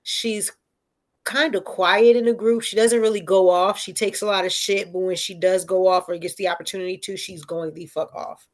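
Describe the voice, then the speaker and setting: A woman telling a story in casual chat, animated and profane, often checking in with "right?". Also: medium pitch, normal speed.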